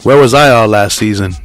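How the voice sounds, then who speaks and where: A man hosting a casual radio talk show in a laid-back way, chuckling between remarks. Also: lowish voice.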